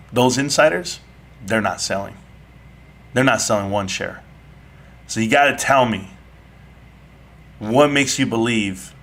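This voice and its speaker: A man hosting a live online audio chat, arguing brashly and teasing his caller in a heated casual debate. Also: on the low side. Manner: brash, mocking, animated. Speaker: live stream host.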